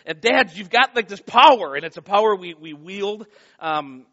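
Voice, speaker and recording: A middle-aged man preaching a sermon as a pastor, earnest and growing loud and animated as he tells a story. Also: high-pitched, moderate pace. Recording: dull lo-fi sound.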